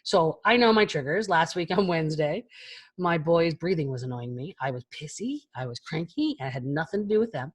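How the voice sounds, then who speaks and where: A woman's voice: sits low, animated, a little fast, slightly rough. A woman in her forties giving a frank, chatty keynote talk over a video call. She swears casually as she speaks to an online audience.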